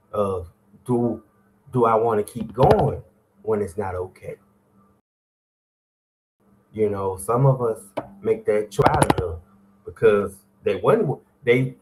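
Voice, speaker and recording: A man's voice: on the low side, slight background noise. A middle-aged man, hosting a morning show with preachy, call-and-response motivational talk.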